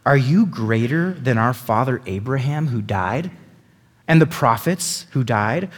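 A man's voice: mid-range voice, animated, measured pace, slightly rough, in a large hall. A man voicing a scornful crowd of accusers with a mocking, indignant tone.

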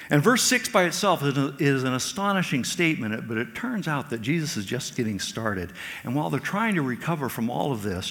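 A man preaching in a church, his voice at an ordinary middle pitch. The sound rings with the long reverb of a large hall, and he gets animated whenever he acts out quoted lines. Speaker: pastor. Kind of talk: sermon.

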